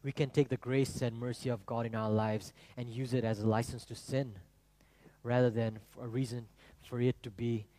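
A man preaching a sermon to his congregation, animated and rhetorical, asking them questions. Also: medium pitch. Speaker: pastor. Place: church.

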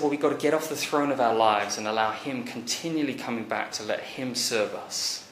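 A man preaching a conversational sermon, animated, rising to emphatic peaks and then dropping quiet. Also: medium pitch, a little fast, few pauses, slight background noise. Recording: echoey church hall recording.

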